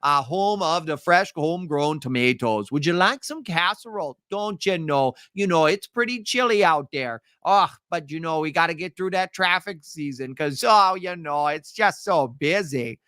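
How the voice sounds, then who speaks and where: A man's voice: on the high side, normal speed, few pauses, sharp tone, no room sound, clean studio sound, pitched above the performer's own voice. A man voicing a cheery, overly friendly stereotypical Minnesotan with a sing-song Minnesotan accent.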